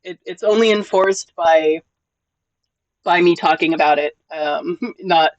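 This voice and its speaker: A live streamer in casual chat with viewers, gentle and encouraging, often repeating words at the start of sentences. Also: medium pitch, measured pace, no echo, highs cut off. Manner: emotional, gentle.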